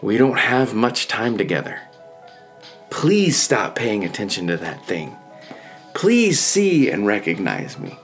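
A man voicing a loving pet dog who gently pleads with its owner for attention. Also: lowish voice, huge pitch swings, slow, soft background music, heavily acted. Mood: pleading.

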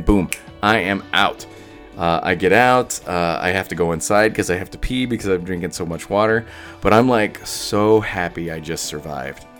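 A man recounting a personal experience in a casual, rambling way, full of fillers and restarts. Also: on the low side. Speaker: storyteller.

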